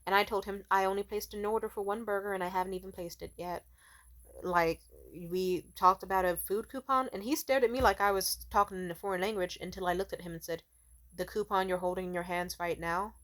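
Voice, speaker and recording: A young woman telling a story in a casual vlog rant, exasperated, swearing often and talking in an animated way. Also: medium pitch, fast talker.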